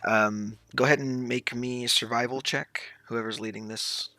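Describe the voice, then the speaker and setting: A man's voice: mid-range voice, steady tone, moderate pace, sharp tone. A man narrating a tabletop game as game master, laughing easily and restarting his sentences.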